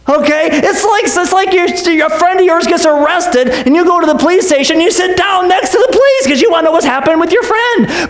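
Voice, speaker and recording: Man preaching a sermon, very high voice, animated, jokey, echoey church room. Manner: animated, jokey, acts out quotes and asks the audience questions. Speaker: pastor. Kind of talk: sermon, Bible teaching.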